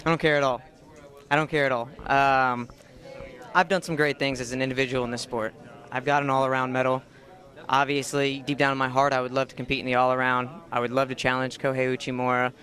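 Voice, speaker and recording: A man's voice: medium pitch, little pitch movement, quick pace, bright, forceful tone. A man, an athlete, speaking confidently and emphatically in an interview. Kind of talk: post-competition interview.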